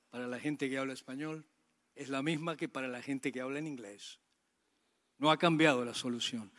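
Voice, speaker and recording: A man preaching a sermon in an earnest, measured way. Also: a little high, a bit bright. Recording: reverberant hall.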